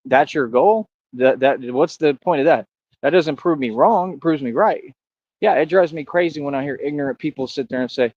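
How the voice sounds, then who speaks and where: A man's voice: mid-range voice, brisk, a little mellow, no room sound, dull audio. A man ranting to his chat on a livestream, boastful and confrontational, who keeps calling people bro.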